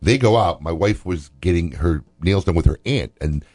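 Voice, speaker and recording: A man's voice: low-pitched, animated, moderate pace, warm tone. A male radio talk show host telling a story in casual banter, often tagging lines with "right?".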